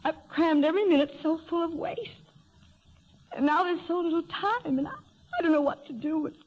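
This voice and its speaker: High-voiced young heiress facing death, breathless, pleading, dull old radio recording. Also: female voice, moderate pace, a little mellow. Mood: yearning. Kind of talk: 1930s radio drama acting.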